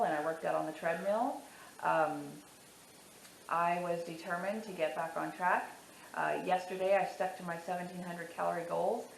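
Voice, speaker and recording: A woman's voice: lowish voice, gravelly, reverberant, slight background noise, poor audio. A woman talking candidly to camera about her weight loss, emotional and teary, repeating herself for emphasis. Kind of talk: casual to-camera vlog.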